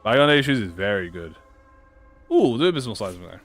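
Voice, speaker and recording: A man's voice: fairly low pitch, sing-song, fast talker, soft background music. A man with an Australian accent, chatting casually on a livestream, rambling and swearing while reacting to chat. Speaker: streamer.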